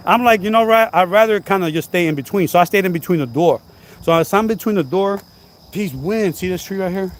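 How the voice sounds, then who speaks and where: A man vlogging outdoors at night, telling a story in an animated, repetitive, exclaiming way, now and then coughing. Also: sits high, a little fast. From New Jersey. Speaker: channel host. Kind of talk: casual storytelling vlog.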